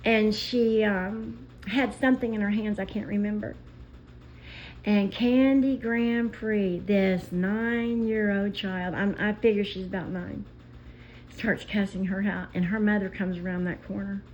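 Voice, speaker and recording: A woman vlogger telling stories in an emotional, indignant rant, pausing as she speaks. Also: medium pitch, steady tone, darkish tone, slight background noise, poor audio. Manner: indignant, impassioned storytelling with pauses. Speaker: commentary vlogger.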